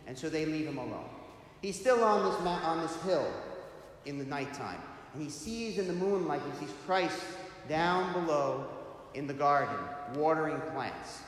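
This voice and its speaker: A man's voice: fairly high pitch, moderate pace, a bit bright. A man preaching a sermon, telling a story and posing rhetorical questions to his listeners. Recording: echoey hall, faint hiss.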